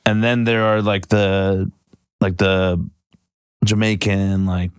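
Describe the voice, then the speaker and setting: A man's voice: low-pitched, level tone, clean tone, no room sound, studio quality. A man, a comedian guest, chatting loosely and swearing as he riffs on a podcast. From Canada. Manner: loose, profane, quick to riff. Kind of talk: casual comedic podcast chat.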